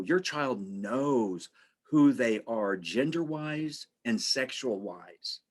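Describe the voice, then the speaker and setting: A man giving a webinar presentation with a voice that rises and falls a lot. He tells stories in a chatty way, repeats phrases for emphasis, and slips into the voices of people he quotes. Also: mid-range voice. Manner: animated storytelling, acts out quoted voices. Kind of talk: conversational presentation.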